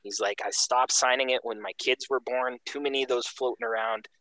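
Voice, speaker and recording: A man from Canada telling a casual story with animated energy, acting out the voices of the people in it. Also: mid-range voice, a little fast, dry recording, poor audio. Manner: animated, acts out quoted voices.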